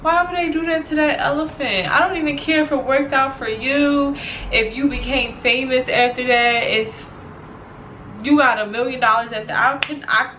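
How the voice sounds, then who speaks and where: A woman's voice: sits high, moderate pace, sharp tone. A woman hosting a reaction video, speaking casually and emotionally, outspoken and talking straight to her viewers. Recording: echoey room with faint noise.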